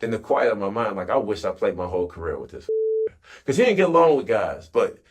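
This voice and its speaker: A retired football player tells stories in an animated interview, acting out quotes, swearing freely and laughing as he talks. He speaks fairly quickly in a lowish voice with a breathy edge.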